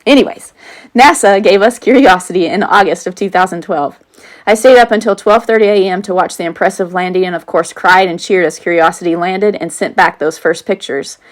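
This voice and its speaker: A woman's voice: lowish voice, fairly quick. Earnest teacher in her 40s reading. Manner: earnest reading with off-script asides. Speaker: teacher and author reading her own book. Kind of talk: self-read audiobook narration.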